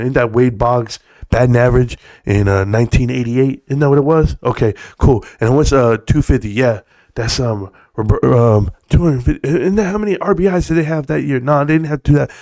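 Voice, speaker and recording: Brief: high-pitched male stream host, loose profane joking rants, calls everyone bro. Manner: addresses viewers as bro. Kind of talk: casual live stream chat.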